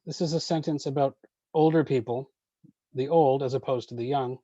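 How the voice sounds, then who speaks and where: Measured man leading a poetry workshop. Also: medium pitch, steady tone, warm tone, dry recording, lo-fi sound. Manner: measured, with frequent ums and uhs. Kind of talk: online workshop talk answering questions.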